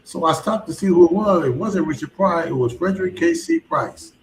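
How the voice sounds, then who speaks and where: A man's voice: high-pitched, fairly quick, a crowd in the background. Man telling stories in a roomy echo. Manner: animated, acts out both sides of conversations. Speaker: guest telling his life story. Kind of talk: casual spoken storytelling. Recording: roomy echo with faint background hum.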